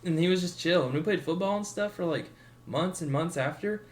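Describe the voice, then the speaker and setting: A young man on a podcast talks with a slightly raised pitch, relaxed and casual. He drifts through his story and slips into voices for the people in it. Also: a little fast, slight background noise. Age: 20s. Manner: laid-back, acts out quotes with swearing and laughter. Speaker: podcast co-host.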